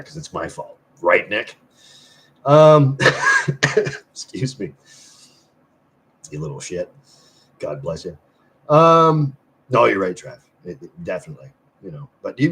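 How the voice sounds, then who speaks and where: A man hosting a casual live stream and chatting loosely with viewers. He swears freely, rambles with restarts, and swings between loud bursts and mumbled asides. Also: lowish voice. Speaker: livestream host; semi-retired musician.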